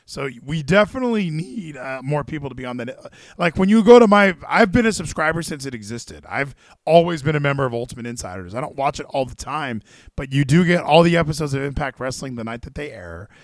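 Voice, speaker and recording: Excitable man hosting a live wrestling stream. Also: fairly high pitch, fairly quick, dry recording, clean studio sound. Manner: excitable, swears casually, thinks aloud. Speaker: stream host.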